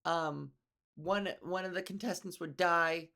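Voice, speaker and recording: Woman comedian, podcast host; low, gravelly voice, loose and profane. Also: fairly even intonation, unhurried, pushed and bright, a little hiss or hum. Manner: rambling, profane, with frequent restarts and asides. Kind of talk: casual comedic monologue.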